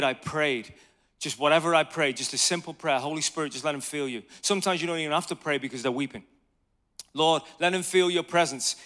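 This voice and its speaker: Speaking at a medium pitch, a man in his thirties preaches on evangelism in a conversational style. He tells lively stories and asks his listeners questions.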